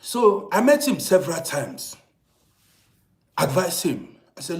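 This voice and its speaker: A middle-aged man telling a long personal story in a casual monologue, swinging from hushed asides to loud, emphatic points. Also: on the high side, sing-song, slow pace, pauses often. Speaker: storyteller host. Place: living abroad in Germany.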